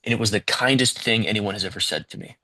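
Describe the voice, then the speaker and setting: A man with a fairly low, bright voice chats as an interview guest, telling theater stories with energy. He acts out what people said and keeps dropping "man" and "like". It sounds like a relaxed conversation between performers. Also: fast. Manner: animated storyteller, acts out quotes, says "man" and "like". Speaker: guest, musical theater actor. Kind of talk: casual interview chat.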